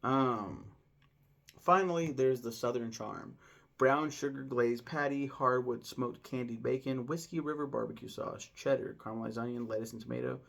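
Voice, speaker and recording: Casual male vlogger, thirties, gravelly mid-range voice, rambling, excitable food talk. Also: medium pitch, normal speed. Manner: rambling, enthusiastic, many fillers and laughs. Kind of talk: casual vlog chat.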